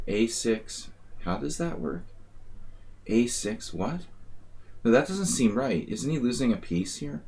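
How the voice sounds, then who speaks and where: A man's voice: lowish voice, darkish tone. A man streaming live chess games and talking through his moves with wry, rambling, grumbling asides. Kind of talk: live-stream commentary while playing.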